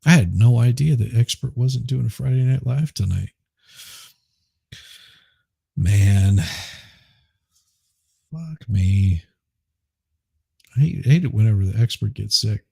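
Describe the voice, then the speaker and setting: A man's voice: medium pitch, unhurried, vocal fry, pauses often, dark tone, breathy edge, no room sound, studio quality. A man hosting a live stream, rambling casually and chuckling as he reads chat. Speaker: livestream host.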